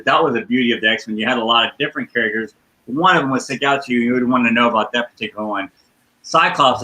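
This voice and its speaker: A male interviewer with a bright, forceful voice at a medium pitch. He talks in a loose, casual way and works his questions out as he speaks, hunting for words along the way. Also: poor audio. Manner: rambling, searching for words with fillers. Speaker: interviewer host. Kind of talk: casual conversation.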